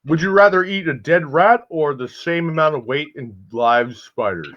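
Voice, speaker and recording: A man's voice: a little high, animated, slight background noise. A man co-hosting a casual comedy chat, asking questions and reacting bluntly with lots of swearing. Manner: blunt and profane, quick reactions. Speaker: co-host asking would-you-rather questions. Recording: dull lo-fi sound.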